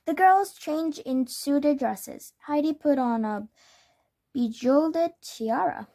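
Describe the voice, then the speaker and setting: A woman reading a children's storybook aloud, careful and steady, now and then correcting a word. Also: high voice, slow pace. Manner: careful, with small self-corrections. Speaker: storybook reader. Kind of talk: children's book read-aloud.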